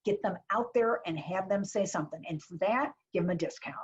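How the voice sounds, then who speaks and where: In dull lo-fi webinar audio from a video call, a woman advising small businesses on marketing speaks fairly quickly at a medium pitch. She's chatty and blunt, tossing in jokes and asides.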